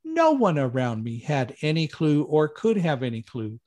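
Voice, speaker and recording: A middle-aged man telling a personal story as an interview guest, lively, acting out quoted lines with raised voice. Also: normal speed. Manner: animated, raises pitch and volume for quoted lines. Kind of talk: conversational storytelling.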